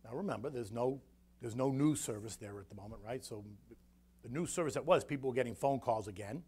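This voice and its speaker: A middle-aged man telling a story to an audience in an animated, conversational way, often checking in with the listeners. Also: medium pitch, fairly quick, breathy edge. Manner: animated, conversational, frequent "right?" asides. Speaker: guest speaker.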